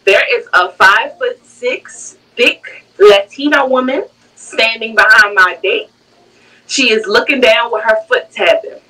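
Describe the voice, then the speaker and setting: A woman's voice: on the high side, unhurried, distant mic, rough recording. A young woman casually telling a dramatic story to the camera, acting out everyone in it. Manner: animated, dramatic, acts out every character.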